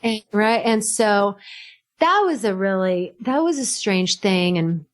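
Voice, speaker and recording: A woman's voice: medium pitch, slow pace. A middle-aged woman, a podcast guest, telling stories in casual chat, laughing and acting out what people said. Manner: animated, laughing, acts out quotes.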